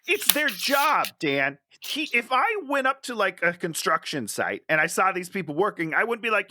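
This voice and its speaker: Animated high-voiced man mocking a movie. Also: moderate pace, hardly any pauses, no room sound, clean studio sound. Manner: animated, mocking, laughs often, swears. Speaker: podcast co-host. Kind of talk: casual chat.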